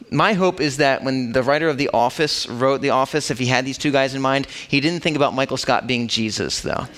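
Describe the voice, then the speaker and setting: A man's voice: medium pitch, brisk, fairly bright tone. A man preaching a sermon in a casual, conversational way, acting out the story as he tells it. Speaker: pastor.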